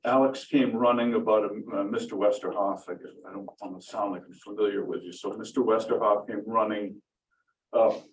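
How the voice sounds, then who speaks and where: A man's voice: on the low side, steady tone, brisk, a little hiss or hum. A middle-aged man giving public comment at a town board meeting, talking emphatically and with indignation, and repeating his points for stress. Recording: roomy distant meeting-room audio.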